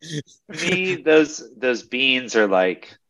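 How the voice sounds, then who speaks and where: A man's voice: medium pitch, sing-song, slow pace, fairly bright tone. A man in casual chat, speaking in an easygoing way as he reviews snacks. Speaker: podcast co-host.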